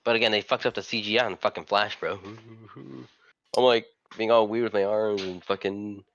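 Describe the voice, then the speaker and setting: A man's voice: on the low side, fairly even intonation, moderate pace, a bit bright, no echo. A man co-hosting a gaming podcast in casual chat, brash and slangy with heavy swearing. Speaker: podcast co-host. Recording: dry, slightly dull lo-fi sound.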